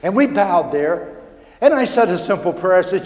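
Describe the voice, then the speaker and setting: A man preaching a personal testimony, telling his story in a stammering, animated way that builds in excitement. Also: sits high, normal speed. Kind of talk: sermon testimony. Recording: echoey hall with long reverb.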